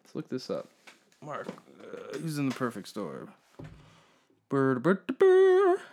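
A man's voice: medium pitch, huge pitch swings, takes it slowly, vocal fry, a little mellow. A man riffs alone on his comedy podcast, swearing freely as he rambles. He mocks and sneers at whatever comes to mind. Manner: rambling, profane, mocking. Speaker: podcast host. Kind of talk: solo comedy podcast monologue.

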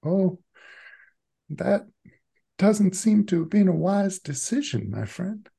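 A man voicing Sun, a calm, formal and quietly ominous male spirit in a tabletop game, with a measured, courteous manner. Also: sits high, creaky, husky, pitched above the performer's own voice, exaggerated voice. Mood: gently disapproving.

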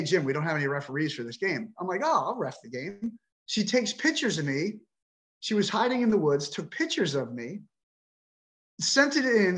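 Frustrated man venting, echoey room. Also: fairly high pitch. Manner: frustrated, indignant, profane. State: emotional. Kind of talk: emotional personal account.

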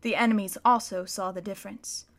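A woman narrating a children's story aloud in an expressive, dramatic reading style. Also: medium pitch, a little fast.

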